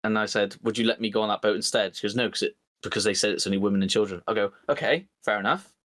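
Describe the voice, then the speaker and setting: A man co-hosting a podcast, telling an animated story and acting out both sides of an argument with his partner. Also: fairly low pitch, very fast, no room sound. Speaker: podcast co-host. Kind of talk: casual chat.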